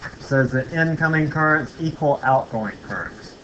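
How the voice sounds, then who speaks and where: A man lecturing a physics class in a relaxed, joking way, thinking aloud with fillers as he works through problems. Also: a little high, moderate pace, highs cut off, slight background noise.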